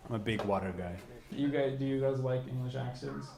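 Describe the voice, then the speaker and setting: A young male stand-up comic working the crowd with teasing, quick banter. His voice fills an echoey club. Heavy audience noise sits behind him. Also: mid-range voice, vocal fry. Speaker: stand-up comedian. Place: comedy club stage. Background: audience laughter.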